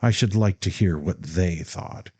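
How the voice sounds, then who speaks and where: Read by a man in a low, mellow, slightly rough voice, the character is a proud, bitter young man with a cold, clipped edge. The delivery is unhurried, yet he cuts in sharply and presses his point.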